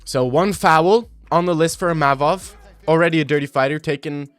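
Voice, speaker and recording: Brief: young male commentator in his twenties, animated, mocking, light music in the background. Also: fairly high pitch, normal speed, clean tone. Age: 20s. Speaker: video commentator. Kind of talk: casual commentary over fight replays.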